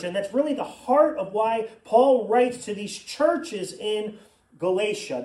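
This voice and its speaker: A man's voice: high voice, darkish tone. A man preaching a sermon as pastor, in a conversational way with personal asides, in a church. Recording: echoey room, mic at a distance.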